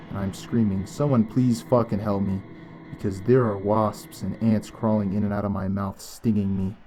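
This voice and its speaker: A man reading a first-person story as scripted narration, in a measured, even way. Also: lowish voice, a little hiss or hum.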